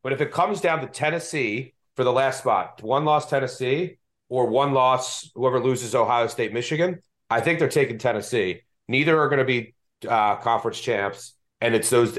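A man's voice: medium pitch, normal speed. A man with a Delaware County accent hosting a sports betting podcast in a chatty, self-deprecating way. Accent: Delaware County (Philadelphia area). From Delaware County, Pennsylvania. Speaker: podcast host.

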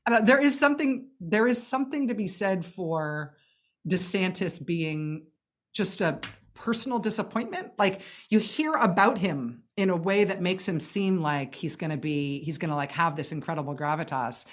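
A woman's voice: on the low side, animated, moderate pace. Wry, laughing woman talking politics. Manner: wry, self-deprecating, laughs often. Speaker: political commentator. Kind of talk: casual political chat.

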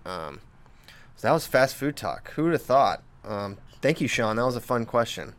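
A man's voice: mid-range voice, big pitch swings, moderate pace, a bit bright. A man hosting a casual podcast, reading listener questions and teasing his co-host with frequent laughs. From Southern US.

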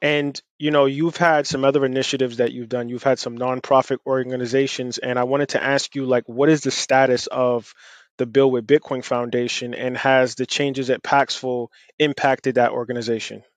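A man hosting an interview, asking measured questions with many fillers. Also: mid-range voice, little pitch movement, no echo. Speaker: podcast host.

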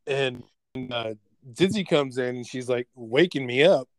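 A man's voice: medium pitch, unhurried, dry recording, poor audio. A man telling a story in casual chat, laid-back and profane, laughing often. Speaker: podcast regular.

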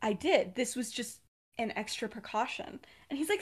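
A woman's voice: mid-range voice, a little fast, breathy edge. A young woman co-hosting a podcast, casually retelling her fan-fiction story with many fillers and frequent laughs. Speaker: podcast co-host.

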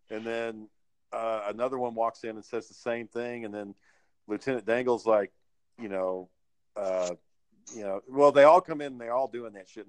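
A man's voice: mid-range voice, dry recording, rough recording. Male podcast host, casual, rambles and swears through his stories. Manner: rambling, profane storytelling. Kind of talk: casual storytelling chat.

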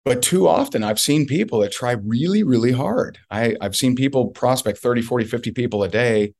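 A man's voice: mid-range voice, expressive, brisk, a little mellow. A man being interviewed as a guest, telling a story emphatically and repeating points for effect. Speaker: guest, network marketer.

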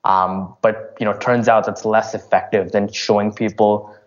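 Brief: lower-voiced man, casual interview guest, stops and restarts a lot, muffled lo-fi audio. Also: level tone. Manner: halting, many fillers and restarts. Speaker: startup founder.

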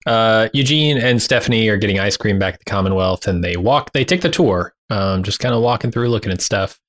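A man's voice: fairly low pitch, brisk, a bit bright. A man co-hosting a podcast, casually summarizing plot points in a plain, blunt way. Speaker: podcast co-host. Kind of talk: casual TV recap chat.

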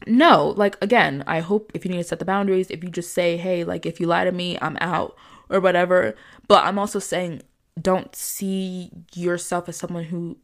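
Young female podcast host, calm, low-pitched for a woman, chatty and earnest. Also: normal speed. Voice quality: calm soft-spoken voice. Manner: chatty, filler-heavy, earnest advice-giving. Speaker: podcast host, manifestation coach. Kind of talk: casual solo podcast monologue.

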